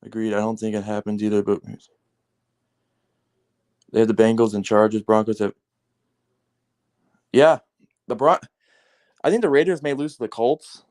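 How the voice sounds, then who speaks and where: A man with a lowish voice delivers a casual, heated sports rant at a moderate pace with long pauses. He's profane and animated, cursing often and leaning heavily on fillers like "like" and "man".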